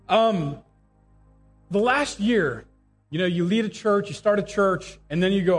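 A man's voice: high voice, measured pace. A middle-aged man preaching an informal sermon full of personal stories and jokey asides, live in a church. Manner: chatty, animated, jokey asides. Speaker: guest pastor. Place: church sanctuary. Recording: live church audio with long reverb, faint music.

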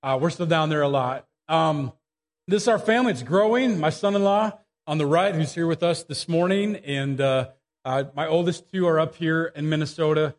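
Middle-aged guy pastor telling stories from the pulpit, chatty and animated, kinda high voice, long church reverb, faint music behind. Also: normal speed. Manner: chatty, animated, jokey asides. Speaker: guest pastor. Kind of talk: informal sermon with personal stories. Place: church sanctuary.

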